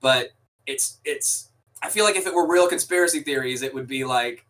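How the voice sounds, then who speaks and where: A man's voice: mid-range voice, moderate pace, a bit bright, recorded from a distance, rough recording. A man co-hosting a podcast, chatting casually about a film in rambling, restarting sentences with the odd swear. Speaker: podcast co-host. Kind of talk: casual movie review chat.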